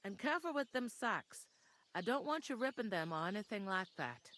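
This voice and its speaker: A woman's voice: mid-range voice, big pitch swings, normal speed, fairly bright tone. A brusque village tavern woman with a Yorkshire accent. She talks in a blunt, folksy, gossipy way, and a faint noise sits under her voice. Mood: matter-of-fact. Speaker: tavern keeper.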